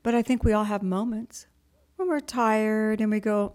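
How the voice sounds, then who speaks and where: A middle-aged woman giving a spiritual talk to a group in a chatty storytelling manner, acting out other people's voices and dropping into soft whispers on key points. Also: medium pitch, steady tone, moderate pace. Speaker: spiritual teacher.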